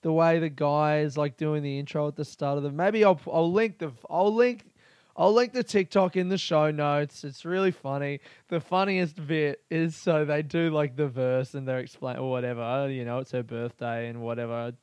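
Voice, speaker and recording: A man's voice: fairly high pitch, steady tone, moderate pace, darkish tone, smooth, no room sound. An Australian man hosting a casual solo podcast from a small bedroom, rambling, swearing freely and laughing often. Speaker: podcast host.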